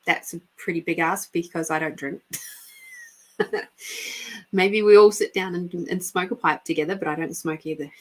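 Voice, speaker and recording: Woman host, middle-aged, frank spiritual chat, swears and laughs, low-ish voice. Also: steady tone, moderate pace, long pauses, a little mellow. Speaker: intuitive reader and podcast host. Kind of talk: casual spiritual guidance talk.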